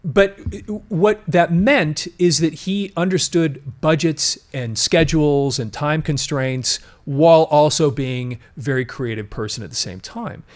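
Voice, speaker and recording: Rambling male podcast host, slightly high. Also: a little slow, few pauses, darkish tone. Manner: rambling, restarts, emphatic explainer. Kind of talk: casual conversational commentary.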